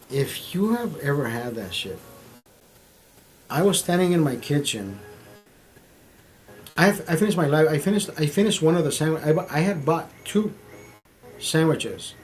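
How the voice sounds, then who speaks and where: A middle-aged man hosting a stream tells a story in casual, profane, animated talk, repeating phrases for emphasis. His voice sits a little high.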